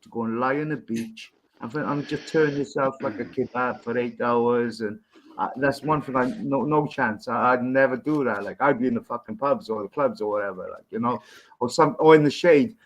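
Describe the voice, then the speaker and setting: Swearing English bloke telling jokes. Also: male voice, mid-range voice, moderate pace, rough recording. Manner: swears freely, rambling joke-teller. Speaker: podcast co-host. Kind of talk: casual pub-style banter, telling jokes.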